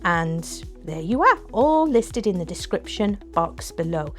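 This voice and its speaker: A woman's voice: lowish voice, sing-song, a little slow, faint music behind. Bubbly, gushing woman. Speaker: resin craft vlogger. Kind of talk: casual craft tutorial chat.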